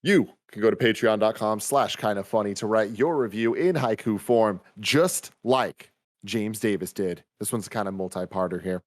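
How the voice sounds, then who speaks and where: An enthusiastic man hosts a casual film review podcast, reading listener reviews aloud alongside his co-hosts. His voice is fairly low and his speed normal, in relaxed movie review chat.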